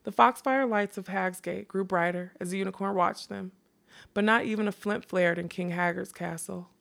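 Woman with a gravelly voice reading aloud. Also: mid-range voice, steady tone, fairly bright tone. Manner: unhurried reading with quick casual asides. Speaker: reader. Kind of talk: reading a fantasy novel aloud.

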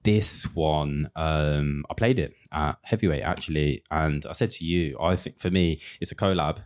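Brief: low-pitched male co-host, relaxed banter, casual swearing. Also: normal speed. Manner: laid-back, swears casually, laughs often. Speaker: podcast co-host. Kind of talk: casual chat.

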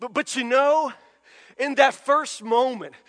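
Man pastor with a very high voice, dramatic sermon storytelling, long hall reverb. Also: takes it slowly, fairly bright tone.

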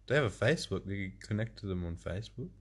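Man, podcast co-host, playful, laughs a lot, lively pitch, husky. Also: fast. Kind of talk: casual comedic podcast banter.

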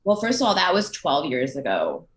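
A woman's voice: low-pitched, huge pitch swings, moderate pace, echoey room. A woman in her thirties, a podcast guest talking candidly with self-deprecating humor and casual swearing. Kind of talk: casual chat.

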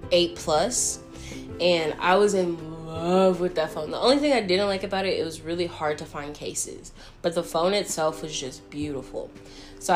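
Chatty young woman, faint guitar music. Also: on the low side. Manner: chatty, animated, many fillers and "like". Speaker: vlogger. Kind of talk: casual Q&A storytelling.

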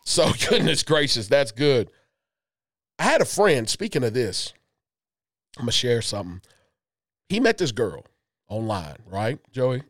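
A man hosting a casual podcast chat, animated and teasing. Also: mid-range voice, a little slow, long pauses. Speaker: podcast host.

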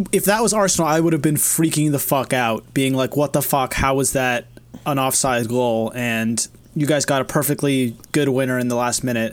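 A man in casual podcast chat, blunt and swearing freely. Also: a little high. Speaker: podcast co-host.

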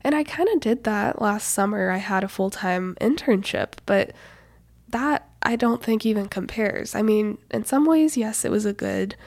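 A woman's voice: medium pitch, creaky, darkish tone, no room sound. A woman in her twenties hosting her own podcast in casual, rambling chat, a bit out of breath and with a stuffy nose. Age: 20s. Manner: chatty, rambling, lots of "like" and "you know". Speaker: podcast host.

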